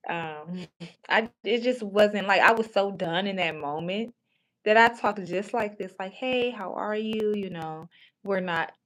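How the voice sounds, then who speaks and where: A woman's voice: mid-range voice, unhurried, a bit bright. A woman hosting a livestream in casual chat, talking bluntly and profanely, rambling with many restarts. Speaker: livestream host.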